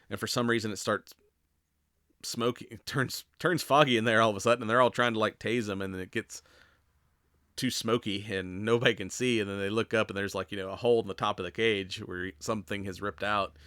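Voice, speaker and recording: A man with a fairly low voice chats loosely through a solo podcast recap, stringing thoughts together with "like" and "you know" and the odd casual swear. The sound is dry and close, with little room around it. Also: bright, forceful tone, clean tone, no echo. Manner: rambling, filler-heavy, swears casually. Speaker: podcast host.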